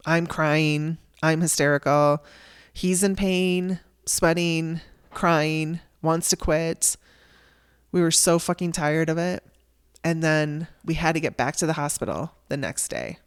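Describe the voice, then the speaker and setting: A woman's voice: deep voice, slow, smooth. Candid woman telling a personal story. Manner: candid, emotional, swears casually. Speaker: podcast host.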